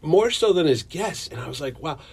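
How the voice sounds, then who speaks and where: Against crowd noise, a man who runs a comic convention chats casually at a slightly fast pace. He is an animated storyteller, acting out quotes from his stories in a higher, excited voice.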